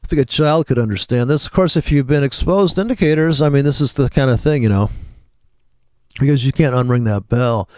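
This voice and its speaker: A man's voice: mid-range voice, brisk, a little mellow, clear, resonant tone, no room sound, studio quality. A man talking casually and profanely as he comments live on trading charts, rambling and thinking aloud. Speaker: trading video host.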